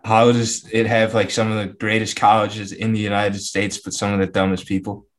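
A young man co-hosting a casual podcast, chiming in with quick wisecracks. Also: fairly low pitch, monotone. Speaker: podcast co-host. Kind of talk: casual chat.

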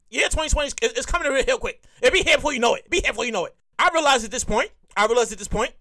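A woman comedian hosting a podcast, telling profane, animated stories and repeating her lines. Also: sits high. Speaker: comedian host. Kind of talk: stand-up style podcast monologue.

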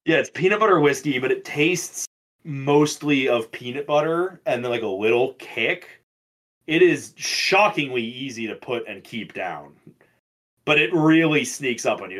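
A young man co-hosting a podcast, chatting casually in a loud, profane, animated way. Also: mid-range voice, normal speed. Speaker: podcast co-host. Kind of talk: casual chat.

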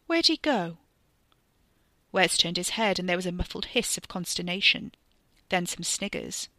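Bright-voiced woman narrating a story. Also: fairly low pitch, moderate pace, dry recording. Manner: expressive, tense storytelling. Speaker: reader. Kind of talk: scripted narration of a serial story.

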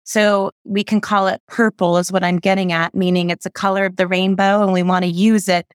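A woman's voice: mid-range voice, level tone, brisk, clean tone, dry recording. A woman explaining spiritual ideas as a podcast guest, circling back and correcting herself as she goes. Her voice sits in a middle register. The sound is dry and close, with no room around it. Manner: rambling, self-correcting, spiritual teacher tone. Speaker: guest, intuition teacher. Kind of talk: conversational interview, explaining ideas.

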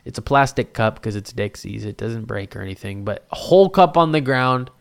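A young man telling a bar story in casual chat, animated and full of swearing, acting out the voices of people he quotes. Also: lowish voice, normal speed, gravelly.

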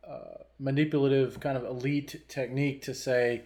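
A man's voice: mid-range voice, little pitch movement, moderate pace, a little mellow. A man in a podcast chat, musing aloud and asking rhetorical questions. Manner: reflective, asks rhetorical questions. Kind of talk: podcast conversation.

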